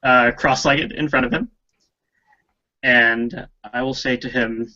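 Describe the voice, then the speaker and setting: A man playing a tabletop game who talks slowly and hesitantly, with many fillers. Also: medium pitch, fairly even intonation, pushed and bright, muffled recording. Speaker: player.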